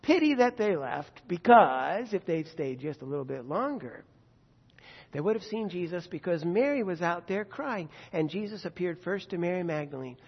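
A man's voice: high-pitched, big pitch swings, normal speed, slightly rough. A man preacher retelling a scripture story in a conversational sermon, with vivid asides and rhetorical questions. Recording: dull lo-fi echoey hall.

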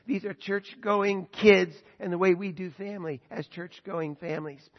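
Guy preaching, pretty high voice, lots of long hall echo, kinda dull muffled sound, tells stories then hammers his point. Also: normal speed. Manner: animated storytelling, then emphatic preaching. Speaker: pastor. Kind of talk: sermon.

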